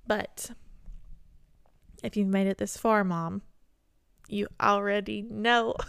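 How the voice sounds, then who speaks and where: A woman's voice: mid-range voice, fairly even intonation, normal speed, creaky, no echo, studio quality. A young woman hosting a podcast, speaking in a heartfelt, rambling and self-deprecating way, her voice worn and tired. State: tired voice, barely able to talk. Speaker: podcast host. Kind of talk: emotional solo podcast talk.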